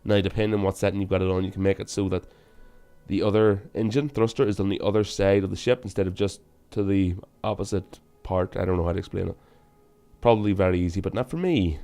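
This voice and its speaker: A young man giving casual, self-mocking game commentary, with sudden loud bursts of excitement. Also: lowish voice, clean tone. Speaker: gaming channel host.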